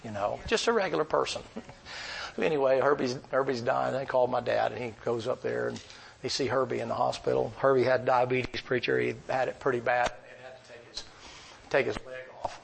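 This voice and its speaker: A man's voice: medium pitch, fairly even intonation, fairly quick, vocal fry, slight background noise, poor audio. A man preaching a sermon, telling folksy, rambling stories in plain country talk. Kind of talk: storytelling sermon.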